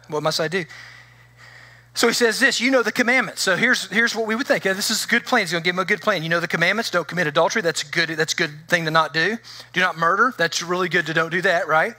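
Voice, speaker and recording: A man's voice: high voice, bright, forceful tone, no echo. A man preaching a conversational sermon as pastor, often acting out the voices of the people he quotes.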